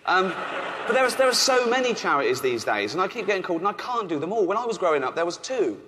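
Offhand stand-up comedian, raised voice. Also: male voice, high voice, quick pace, in a large hall, some chatter behind. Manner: deadpan, offhand, with frequent ums and chuckles. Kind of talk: stand-up routine. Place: stage at a live charity event. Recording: noisy live venue.

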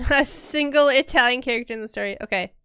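A woman's voice: high voice, a little fast, fairly bright tone, clear, resonant tone, no echo, studio quality. A woman streamer and illustrator chatting casually while she draws on a livestream, rambling and laughing often.

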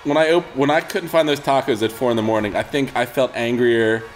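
A man's voice: mid-range voice, fairly quick. A man co-hosting a podcast, telling a story in casual chat, swearing and laughing as he goes. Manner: animated, swearing, laughs as he tells it. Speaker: podcast co-host.

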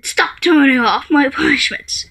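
A woman voicing a quick-tempered female computer error that scolds the user, threatening and stammering as she goes. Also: high-pitched, fairly bright tone. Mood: angry scolding.

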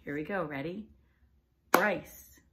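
A woman teacher giving a video lesson to young children in a sing-song, animated way. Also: fairly low pitch, measured pace, noisy background.

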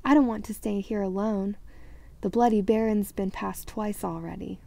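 A woman's voice: mid-range voice, steady tone, normal speed, vocal fry, mellow, close to an everyday voice. A woman voicing a timid, clumsy schoolboy who pleads anxiously not to be left behind. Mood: pleading.

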